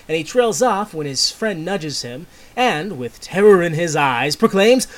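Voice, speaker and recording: A man hosting a homemade comedy recording, telling a joke with loud high character voices and mumbling apologies afterward. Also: animated, moderate pace. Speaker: comedy show host. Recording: faint hiss.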